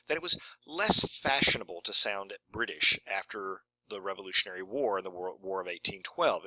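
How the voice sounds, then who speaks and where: A man delivers a college lecture in a loose, conversational way, often pausing to ask his listeners "right?" His voice has a very bright, crisp edge and sits at a middle pitch. It is recorded close and dry, with no room echo. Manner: conversational, with fillers and checking-in "okay?" and "right?". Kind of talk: university lecture.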